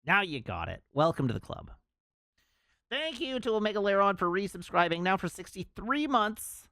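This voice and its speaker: Chatty male streamer, lively up-and-down delivery, dry close sound. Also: sits high, normal speed, gravelly, dry recording. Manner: chatty, laughing, reads chat aloud. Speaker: livestreamer.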